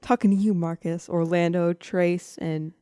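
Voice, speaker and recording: A woman's voice: lowish voice, little pitch movement, measured pace, warm tone, clean tone, no room sound, clean studio sound. A young woman hosting a student radio talk show, chatting casually, rambling and giggling as she interrupts herself. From Texas. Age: young adult. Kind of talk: casual chat.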